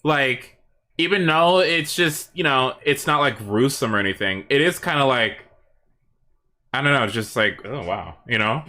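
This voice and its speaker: Rambling, lively-voiced male streamer. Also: medium pitch, moderate pace. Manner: rambling, hesitant, full of fillers. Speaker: livestream host. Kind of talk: casual live-stream chat.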